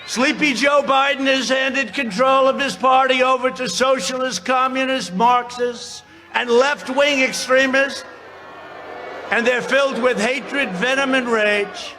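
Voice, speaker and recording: A man's voice: very high-pitched, fairly even intonation, unhurried. A man giving a rally speech from a podium microphone, boastful and mocking, with rambling asides. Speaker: political speaker at a rally. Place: outdoor campaign rally before a large crowd. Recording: loud cheering crowd behind the speaker. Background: crowd noise and cheering.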